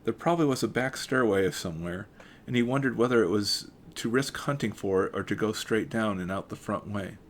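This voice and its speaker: A man reading a mystery novel aloud at an even pace, with occasional stumbles and self-corrections and casual asides. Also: fairly low pitch, fairly quick, hardly any pauses, slight background noise. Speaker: audiobook reader.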